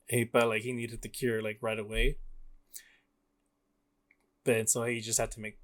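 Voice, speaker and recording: Young male co-host, mid-pitched, rambly and laugh-prone, casual game chat. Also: little pitch movement, unhurried. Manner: rambling, laughs often, many fillers. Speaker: podcast co-host.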